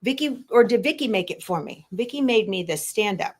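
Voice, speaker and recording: Brisk and expressive at a medium pitch, a woman hosting a quilting show chats away to her viewers and herself while organizing her craft room. She gets out of breath at points, and she's using earbuds as a mic.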